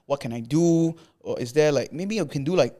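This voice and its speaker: A man's voice: fairly high pitch, normal speed. A young man from Malaysia, a podcast guest, casually telling a long story with lots of fillers and acted-out quotes. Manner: animated, filler-heavy retelling with acted quotes. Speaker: podcast guest, content creator.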